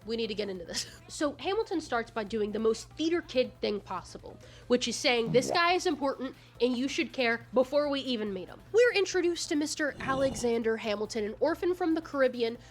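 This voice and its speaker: A young woman in her twenties with a fairly high voice talks through old musicals in casual commentary, jumping between dry sarcasm and excitable bursts. She swears freely, and faint music plays underneath her. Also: a little fast, few pauses. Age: 20s. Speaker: YouTuber.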